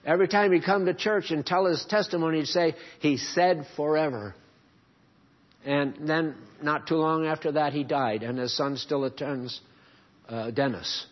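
A man preaching a sermon as pastor, shifting between quiet asides and loud, emphatic climbs. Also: fairly high pitch, normal speed. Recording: dull lo-fi sermon recording.

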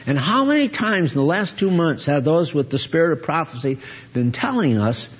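A man's voice: a little high, very animated, moderate pace, slightly rough. A man preaching a sermon and teaching from the Bible, often asking his listeners questions. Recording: dull lo-fi recording.

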